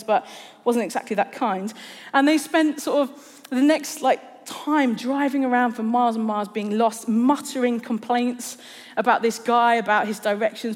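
A woman delivers a conversational sermon in a slightly high voice. She tells stories with humour and pokes fun at herself. Her words ring with the long reverb of a large church hall. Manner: chatty, humorous, self-deprecating storytelling. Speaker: preacher.

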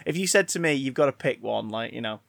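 A man co-hosting a podcast, chatting casually, swearing freely and getting loudly excited as he goes. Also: medium pitch, fast talker, gravelly, no room sound. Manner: animated, swears freely, breaks into exaggerated excited outbursts. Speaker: podcast co-host.

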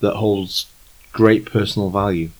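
A man's voice: on the low side, steady tone, a little slow, poor audio. A man voicing a tall, thin, very old male fixer in a tabletop game, speaking formally and courteously with a put-on German-ish accent. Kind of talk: tabletop role-play voicing.

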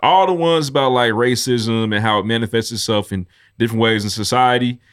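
A man's voice: medium pitch, brisk, a bit bright, clean tone. A man co-hosting a podcast, sharing laid-back, opinionated views in casual chat. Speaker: podcast co-host.

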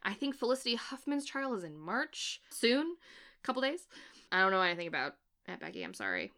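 A woman with a bright, crisp voice talks casually as a podcast co-host. She is chatty and sarcastic. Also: on the high side, big pitch swings, brisk. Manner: chatty and sarcastic, laughs often. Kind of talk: casual chat.

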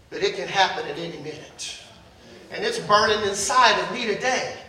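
A man's voice: very high voice, sharp tone, echoey room, far from the mic, poor audio. An older man preaching a sermon as pastor, repeating phrases with rising urgency. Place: church sanctuary.

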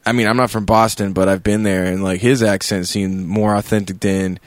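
A man's voice: on the low side, brisk, no echo. Chatty man, lots of "like"s. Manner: animated, swears freely, lots of filler "like". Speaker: podcast co-host. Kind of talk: casual film review chat.

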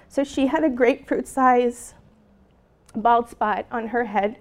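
A woman's voice: a little high, darkish tone. A middle-aged woman teacher giving an earnest, emotional talk about her classroom, speaking to an audience with slides.

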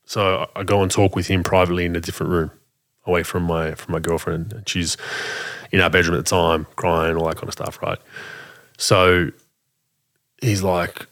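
Lively low-voiced man telling a story. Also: normal speed, pauses often. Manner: animated, acts out quoted dialogue, frequent restarts. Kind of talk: casual storytelling.

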